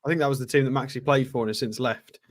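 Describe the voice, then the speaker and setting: A man's voice: medium pitch, steady tone, rapid-fire. A man co-hosting a casual stream, giving matter-of-fact views on football. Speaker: co-host pundit.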